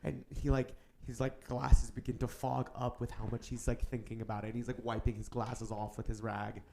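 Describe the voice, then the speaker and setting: Gravelly game master narrating casually. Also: male voice, medium pitch, flat delivery, brisk, dark tone, slight background noise. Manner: casual, filler-heavy narration.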